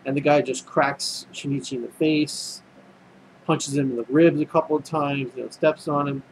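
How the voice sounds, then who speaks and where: A man's voice: a little high, steady tone, moderate pace, slight background noise, rough recording. A man casually recapping an anime episode, rambling and full of fillers and restarts. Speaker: anime reviewer.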